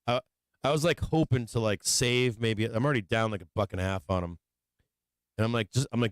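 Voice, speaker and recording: A man's voice: on the low side, smooth, no echo, studio quality. A man hosting a stock market livestream, chatting casually, a little tipsy, swearing a lot and laughing often. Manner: profane, rambling, laughing often. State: tipsy from drinking. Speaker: livestream market show host.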